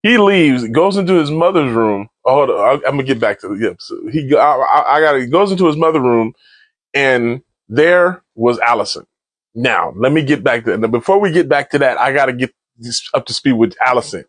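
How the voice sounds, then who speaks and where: A man's voice: mid-range voice, brisk, no room sound. Slangy man recapping an episode. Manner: slangy, animated, laughs often. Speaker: TV episode reviewer. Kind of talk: casual spoiler recap.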